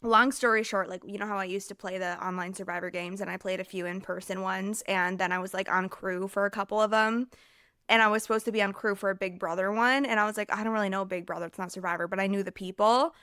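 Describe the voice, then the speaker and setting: A woman's voice: mid-range voice, steady tone, fast talker, pushed and bright, clear, resonant tone, no room sound, studio quality. Rambling, chatty American woman podcaster. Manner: rambling and chatty, heavy filler use, self-interrupting. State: overheated, distracted. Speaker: podcast host. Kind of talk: casual solo podcast chat.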